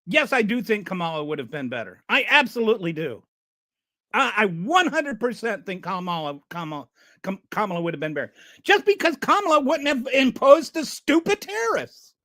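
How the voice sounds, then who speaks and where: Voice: mid-range voice, sing-song, moderate pace, fairly bright tone, no room sound. Fed-up channel host ranting sarcastic, voice jumps all over, dry close mic. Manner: exasperated, sarcastic. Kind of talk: ranting political commentary.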